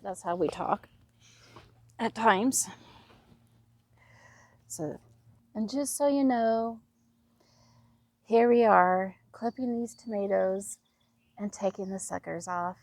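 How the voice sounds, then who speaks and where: A woman's voice: medium pitch, slow, pauses often, a little mellow, no room sound. A woman in her fifties from Oregon with a West Coast accent, chatting to herself and viewers while planting her garden outdoors. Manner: chatty, self-talking, laughs often. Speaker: home gardener. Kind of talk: casual gardening vlog.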